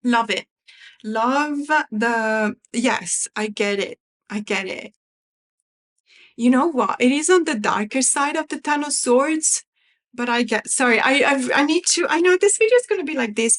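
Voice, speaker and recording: Fairly high female voice, chatty tarot vlogger, distracted and worried, lots of restarts. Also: unhurried, a bit bright. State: worried, waiting for evacuation news. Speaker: tarot collector unboxing decks. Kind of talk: casual chat, reading card guidebook aloud.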